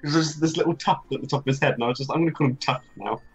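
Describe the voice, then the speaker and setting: A man's voice: fairly high pitch, rapid-fire, creaky, dull audio. A young man in a casual gaming chat, teasing his friends and cracking crude jokes.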